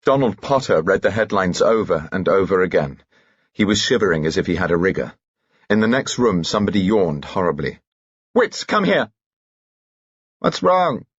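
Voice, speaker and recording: A man narrating a detective novel in a measured, crisp reading. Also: sits low, animated, no echo, muffled recording. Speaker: audiobook narrator. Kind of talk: scripted narration.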